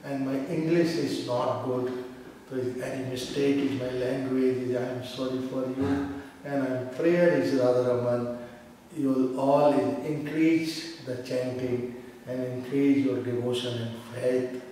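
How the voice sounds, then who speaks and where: Man preaching in a booming echoey hall. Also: little pitch movement, recorded from a distance, a little hiss or hum. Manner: halting non-native English, swells into loud chanting. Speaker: guru giving a lecture. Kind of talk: devotional sermon.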